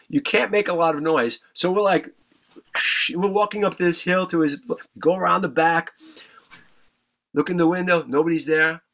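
A man telling a wild story in casual, profanity-laced talk, full of restarts and acted-out voices. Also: high-pitched. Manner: animated storyteller, stumbling restarts, acts out voices. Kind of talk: casual anecdote, heavy swearing.

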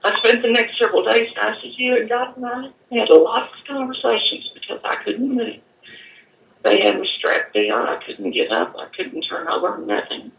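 A woman giving an earnest personal testimony, halting and at times choked up, in an echoey room away from the mic. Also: fairly high pitch, animated, gravelly, far from the mic, muffled recording, slight background noise. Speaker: guest telling her story.

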